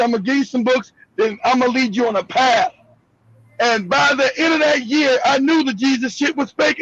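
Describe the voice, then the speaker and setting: An American man hosting a live discussion, telling a story with passion. He is emphatic and profane, often shouts, and laughs through his stories over a video call. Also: very high-pitched, husky, muffled recording. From United States. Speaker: show host.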